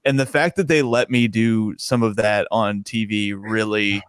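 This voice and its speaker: A young man, a comedian, talking casually as a podcast guest, telling stories with frequent laughter and sudden jumps in pitch when he gets excited. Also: unhurried, clear, resonant tone, no room sound, studio quality.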